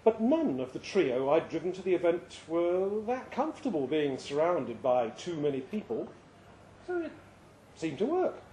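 A man giving a lively, expressive live reading of a short story at a pub event. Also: a little high, moderate pace, a little hiss or hum. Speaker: reader. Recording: roomy live venue sound.

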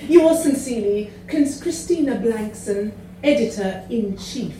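A woman's voice: on the high side, expressive, unhurried, dark tone, slight background noise. A woman reading comic letters aloud in a prim, polite way, laughing now and then. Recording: echoey room from far off.

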